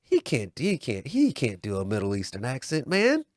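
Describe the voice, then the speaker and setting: A man's voice: medium pitch, wildly swooping pitch, normal speed, no echo, clean studio sound. A man co-hosting a podcast, chatting casually in a laid-back, joking way and swearing now and then. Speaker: podcast co-host. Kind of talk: casual chat.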